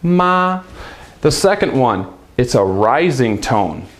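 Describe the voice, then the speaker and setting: A man's voice: fairly high pitch, expressive, unhurried. Upbeat man teaching a lesson. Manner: upbeat, chatty, conversational. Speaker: language teacher. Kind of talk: casual video lesson.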